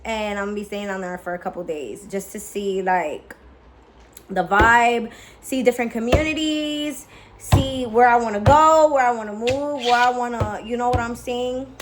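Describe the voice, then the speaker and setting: Young woman vlogger, raised voice, loose and profane, steady faint hiss behind her. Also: fairly high pitch, moderate pace. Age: young adult. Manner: candid, profane, lots of "like" fillers; excited, chatty. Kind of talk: casual vlog chat.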